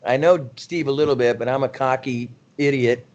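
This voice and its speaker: A middle-aged man of ordinary pitch, speaking as a guest rock singer. He tells loose, rambling stories in a relaxed chat and laughs at himself along the way. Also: normal speed, lo-fi sound. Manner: animated, rambling anecdotes with frequent laughs and self-deprecation. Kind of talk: casual interview storytelling.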